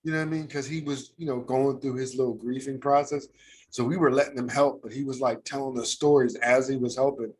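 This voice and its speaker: A man's voice: mid-range voice, fairly even intonation, a little fast, a little mellow, breathy edge. American man telling stories casually. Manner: casual, slangy, heartfelt storytelling. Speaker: podcast co-host. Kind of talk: casual storytelling chat.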